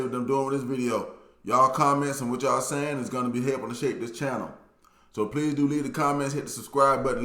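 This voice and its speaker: A man's voice: mid-range voice, a bit bright. A man with a Southern US accent casually reading out and answering viewer comments, in a laid-back, plainspoken way that often repeats itself. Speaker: YouTube commentator. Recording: echoey room.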